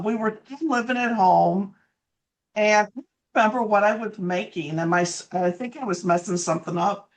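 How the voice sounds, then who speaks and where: A woman co-hosting a podcast, speaking softly in casual chat. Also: medium pitch. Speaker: podcast co-host.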